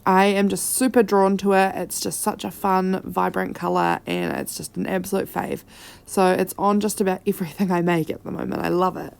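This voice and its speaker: A woman talks through her crafting in a relaxed voice-over, her voice stuffy and nasal from a cold. She sounds upbeat and chatty and often fills pauses with "um" and "like." Her pitch sits in a middle range for a woman. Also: creaky, clean tone. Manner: chatty, enthusiastic, many fillers. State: has a cold. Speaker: craft vlogger. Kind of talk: casual voice-over narration. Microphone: voice-over mic.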